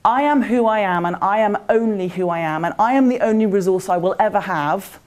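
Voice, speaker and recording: A woman's voice: medium pitch, brisk, a little mellow. A woman giving a motivational presentation at a conference. She talks in a conversational way and puts questions to the audience. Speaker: conference speaker. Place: conference venue.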